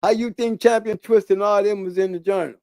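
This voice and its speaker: High-voiced man, emphatic and repetitive. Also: steady tone, fairly quick, a little mellow, no echo, studio quality. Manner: emphatic, repeats key words for stress; rambling with restarts. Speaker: channel host. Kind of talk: casual monologue.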